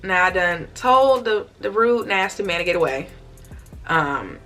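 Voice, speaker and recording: A woman's voice: on the low side, a little slow, soft background music. Chatty young woman telling a storytime. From United States. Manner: chatty, expressive retelling with acted-out quotes. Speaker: vlogger. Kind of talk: storytime vlog.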